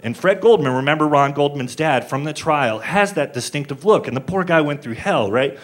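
A man's voice: on the high side, lively intonation, normal speed. A male stand-up comedian telling a story on stage, conversational and acting out the people he quotes, with audience laughter behind him.

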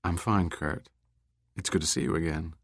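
A man's voice: low-pitched, fairly even intonation, moderate pace, no echo. A man voicing an adult woman TV journalist in an audiobook, speaking in a dry, slightly scornful way.

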